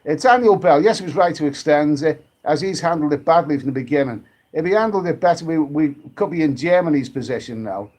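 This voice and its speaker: A man's voice: a little high, lively intonation, a little mellow. Rambling British man on a live stream. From United Kingdom. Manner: rambling, halting, many restarts and fillers. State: drinking. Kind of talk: casual live stream chat, reading viewer comments.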